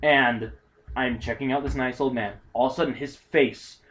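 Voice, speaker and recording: A man's voice: mid-range voice, normal speed. A young man co-hosting a casual comedy talk show, telling crude work stories and acting out the people in them. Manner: crude, animated, acts out people in his stories. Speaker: podcast co-host.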